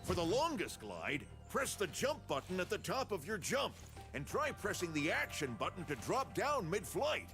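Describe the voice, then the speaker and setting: Old male dragon hint-giver, high and sing-song, game music bed. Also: normal speed. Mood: instructive. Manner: calm, instructive. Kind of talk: video game dialogue. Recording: game audio with music underneath.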